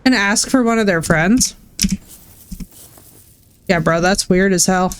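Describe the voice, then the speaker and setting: A woman's voice: medium pitch, slow pace, smooth. A woman streamer chatting casually with her viewers while she plays, candid and swearing freely, calling people bro and dude. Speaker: Twitch streamer. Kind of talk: casual live-stream chat while gaming.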